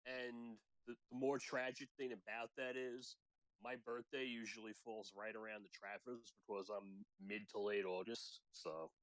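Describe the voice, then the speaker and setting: A man joining a casual sports chat, halting and repeating his words. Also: fairly low pitch, little pitch movement, fairly bright tone, no echo, poor audio.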